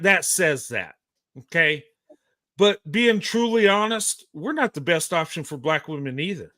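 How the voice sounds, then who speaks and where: High-voiced impassioned male host. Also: sharp tone. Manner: emphatic, stammering restarts, blunt, swears. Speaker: show host. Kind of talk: impassioned live-show commentary.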